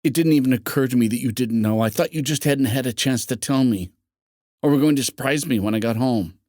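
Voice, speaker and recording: A tense, guilt-stricken male commander, talking low and measured in clipped phrases, as a man reads him. The voice sits at an ordinary middle pitch. The sound is dry and close for a storybook. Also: a little mellow, dry recording, natural voice.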